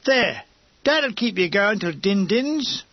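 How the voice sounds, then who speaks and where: Man doing Cockney woman, about fifty, skinny, wavery voice, chatty, motherly, husky, dry dull audiobook sound. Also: high-pitched, very animated, slow, no room sound, exaggerated voice. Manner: chatty, motherly, calls people darling.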